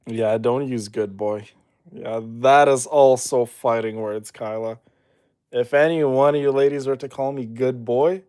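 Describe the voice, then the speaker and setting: A young man streaming and reading chat, teasing his viewers playfully and then turning soft and reassuring. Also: medium pitch, dry recording, clean studio sound.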